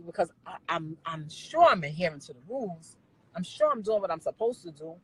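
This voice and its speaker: A woman's voice: on the low side, fairly quick, darkish tone, husky, dry recording, low-quality recording. A woman in her forties, ranting bluntly and profanely at her viewers on a phone live stream.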